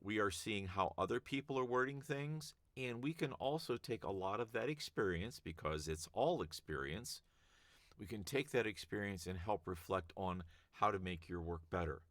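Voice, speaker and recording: Man, voice actor, low pitch, dry close sound, conversational, emphatic. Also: moderate pace, fairly bright tone, no room sound. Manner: conversational, emphatic, demonstrates readings. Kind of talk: casual advice talk to camera.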